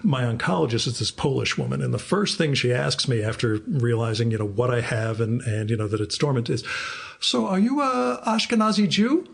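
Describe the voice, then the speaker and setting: A man's voice: medium pitch, fairly quick, vocal fry, hardly any pauses, slightly rough. A man in his fifties hosting a podcast, telling rambling, wry anecdotes in a casual interview. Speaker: podcast host.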